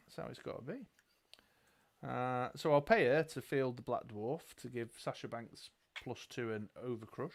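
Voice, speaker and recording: A man's voice: medium pitch, normal speed. Chatty British man playing a dice game. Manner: chatty, thinks aloud while reading cards and counting dice. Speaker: game show co-host. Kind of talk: casual live game commentary.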